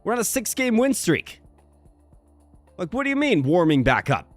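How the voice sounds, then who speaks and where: Animated, chatty male game streamer. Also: high-pitched, moderate pace, no room sound, faint music behind. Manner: animated, playful and chatty, talking to viewers. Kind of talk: casual live-stream commentary.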